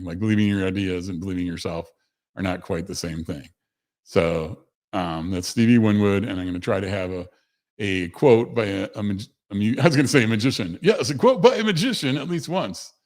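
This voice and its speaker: A man's voice: sits low, a little mellow. A man hosting a casual livestream, rambling conversationally with self-corrections and answering chat messages. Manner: reads chat messages aloud to viewers. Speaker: host of a livestream show.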